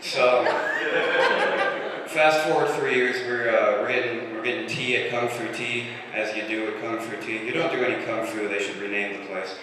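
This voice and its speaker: A young man in his twenties doing a deadpan stand-up set, slipping into voices for the people he quotes. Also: medium pitch, moderate pace, distant mic. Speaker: stand-up comedian. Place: comedy club stage. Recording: roomy live club recording with room noise. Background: audience laughter.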